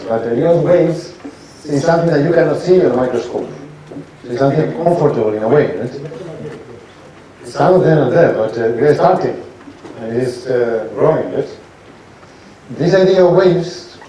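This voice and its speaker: A man's voice: mid-range voice, warm tone. A man, a doctor, explaining ideas step by step and often checking in with "right?". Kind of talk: explanatory talk. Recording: very echoey room, distant mic, faint ambience.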